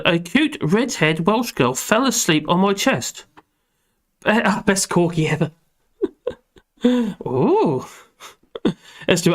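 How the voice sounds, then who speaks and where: A man with a slightly high voice chats through a live stream from his desk. He rambles with plenty of fillers, reads viewer comments aloud and answers them in a loose, easygoing way. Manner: rambling, chatty, with fillers, talking to his dog between comments.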